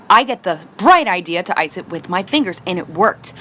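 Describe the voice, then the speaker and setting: A woman's voice: lowish voice, expressive, fast, hardly any pauses, pushed and bright, slight background noise. A woman telling funny family stories into her phone, bubbly and dramatic, acting out the quotes and laughing a lot. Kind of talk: storytime monologue. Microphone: phone selfie recording.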